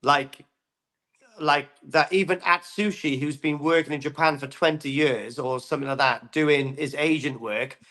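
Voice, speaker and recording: A man joining a live auction as a guest, telling excitable, jokey stories in casual banter. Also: fairly high pitch, moderate pace. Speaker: guest co-host.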